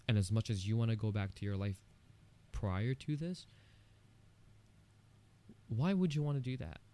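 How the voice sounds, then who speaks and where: A man's voice: medium pitch, dark tone. A man hosting a solo podcast, talking earnestly and candidly in a personal, encouraging monologue with casual "you know" asides. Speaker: podcast host.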